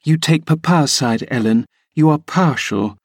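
A man reading an audiobook, voicing a lively, indignant teenage girl in a raised, emphatic voice. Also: a little slow, slightly rough, no echo, studio quality. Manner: high, emphatic and exclaiming.

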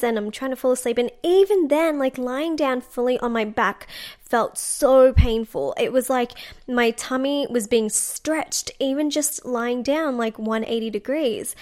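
Young woman podcaster, bright-ish higher voice, casual chatty storyteller full of "like"s. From Australia. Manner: chatty, animated, lots of "like" and acted-out quotes. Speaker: podcast host.

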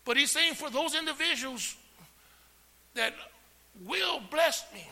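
Raspy high-voiced preacher in a reverberant church. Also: male voice, expressive, normal speed, pauses often. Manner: preaching with call-and-response, swings from soft to shouting. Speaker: pastor. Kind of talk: sermon. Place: church sanctuary. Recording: long hall reverb.

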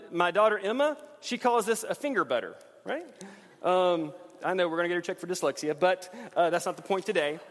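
Man preaching, booming then hushed, hall reverb. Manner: swings from loud rising emphasis to quiet low intensity. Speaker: pastor. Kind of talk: sermon.

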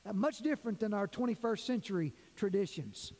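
A man's voice: high-pitched, animated, mellow. A man preaching a sermon as pastor, reading scripture and stretching out key words for emphasis. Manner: preaching with emphatic, drawn-out stresses. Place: church sanctuary. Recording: reverberant church hall.

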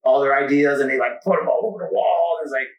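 A man's voice: mid-range voice, fast, a little hiss or hum. A man, a podcast host taking guest questions, chatting casually and rambling with lots of asides. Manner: rambling, animated storytelling with many asides. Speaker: podcast host being interviewed. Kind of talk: casual conversation. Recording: echoey room, mic at a distance.

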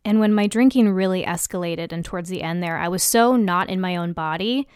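A woman's voice: fairly low pitch, fairly quick, darkish tone, clean tone, no room sound, studio quality. A young adult woman hosting a solo podcast in a candid, self-deprecating style, acting out the dialogue she quotes. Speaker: podcast host. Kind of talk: casual solo podcast monologue.

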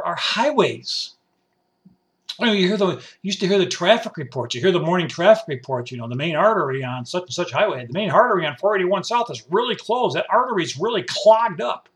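Male monologuist, wisecracking and rambling, voice a touch high. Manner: rambling, wisecracking, swings from loud to muttered asides. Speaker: commentator. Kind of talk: comedic monologue.

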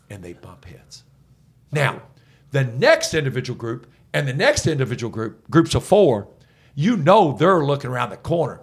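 Gravelly middle-aged coach telling stories. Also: male voice, mid-range voice, normal speed. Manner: animated, energetic storyteller. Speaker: head basketball coach, podcast guest. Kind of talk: conversational storytelling.

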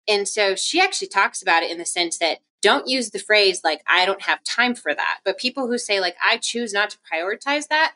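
Woman chatting in an interview, physical therapist, talks fast and animated, slips into little acted quotes. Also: mid-range voice. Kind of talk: casual interview chat.

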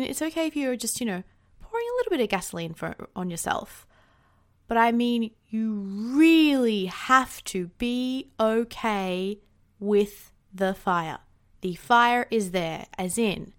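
A woman's voice: medium pitch, a bit bright. A young adult woman coach hosting her own podcast, talking candidly and acting out her inner voice. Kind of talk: casual solo podcast talk.

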